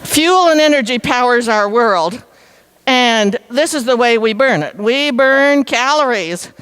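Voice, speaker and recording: A playful woman speaks to a live audience in a meeting hall. Her voice sits high and sounds smooth and clear. She coaxes the crowd to join in. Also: lively intonation, unhurried, fairly bright tone. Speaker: featured speaker. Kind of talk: interactive audience talk.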